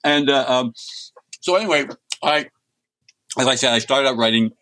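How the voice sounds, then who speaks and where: The guest, a middle-aged comics writer from the United States, talks at a normal speed in a mid-range voice that sounds pushed and bright. His casual interview storytelling is chatty, with rambling anecdotes and frequent restarts, and there's no room sound.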